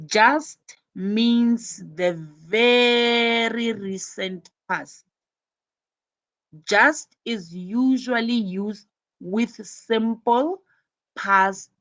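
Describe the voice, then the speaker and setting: A woman's voice: medium pitch, fairly bright tone. A woman teaching an English lesson, patiently modeling and repeating example phrases.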